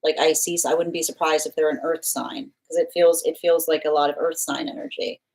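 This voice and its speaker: A woman giving a live tarot reading, talking in a rambling way with many restarts and repeated phrases, breaking into sudden animated bursts. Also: brisk, rough recording. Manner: bursts into laughter and animated pitch jumps. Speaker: tarot reader.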